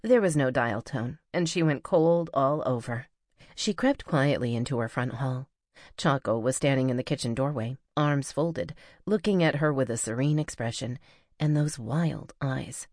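A woman narrating a novel as an audiobook reader, in a measured, even storytelling manner. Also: extremely low pitch, dry recording, studio quality. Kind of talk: scripted narration.

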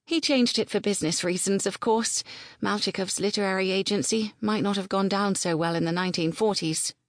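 Casting: woman reads a self-assured young Englishwoman, sassy and quick, dry sound. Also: medium pitch, no room sound, pitched above the performer's own voice, close to an everyday voice. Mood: playful. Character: young English woman, a confident literary agent.

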